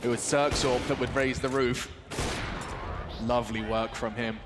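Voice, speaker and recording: A man casting an esports match with a wry, quick delivery that swells into shouts on big plays. His voice sits mid-range. Clear game gunfire and clicking run underneath. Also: mid-range voice, fairly even intonation, background noise. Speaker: esports caster. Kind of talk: live play-by-play commentary.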